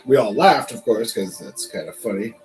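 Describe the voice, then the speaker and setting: A man's voice: fairly low pitch, lively intonation, normal speed, faint music behind, poor audio. An American man hosting a casual livestream, talking in a rambling, chatty way and laughing often. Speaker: host.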